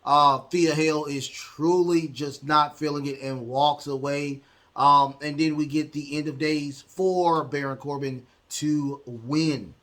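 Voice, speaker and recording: Rambling through wrestling recaps with heavy fillers, a man hosting a podcast also acts out quotes. He speaks slowly in a high-leaning, steady voice that's fairly bright.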